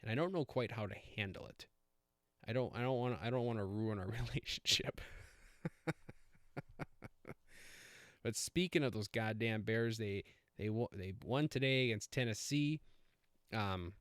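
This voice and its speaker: A man's voice: lowish voice, moderate pace, long pauses, no echo, studio quality. A man hosting a casual solo podcast, rambling with many fillers and self-corrections. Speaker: podcast host.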